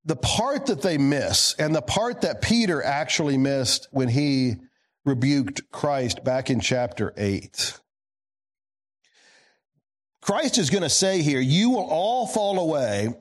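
In this sermon, the male pastor questions his congregation and moves back and forth between emphatic declarations and soft, low asides.

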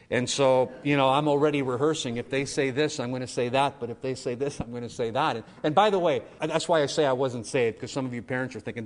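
A man preaching a sermon, telling a personal story earnestly and acting out the voices he quotes. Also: medium pitch. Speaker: pastor. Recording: long reverb of a large hall.

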